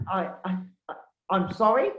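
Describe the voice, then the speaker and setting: A woman's voice: medium pitch, lively intonation, slow pace, a bit bright. A woman playing a meek, devoted male sidekick in a live comedy sketch, talking hesitantly and eager to please. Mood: hurt. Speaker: sketch performer. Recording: echoey lo-fi live recording.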